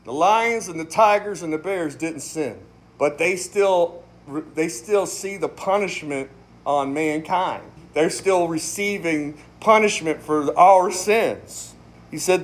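A man's voice: a little high, slow. A man, a pastor, giving a casual, emphatic sermon in conversational language, laughing often. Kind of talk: casual sermon, Bible study.

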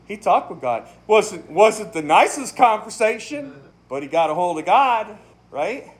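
Casting: pastor with a high male voice, relaxed and folksy, emphatic, breaks into laughs. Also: measured pace. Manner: emphatic, conversational, laughs often. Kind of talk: casual sermon, Bible study.

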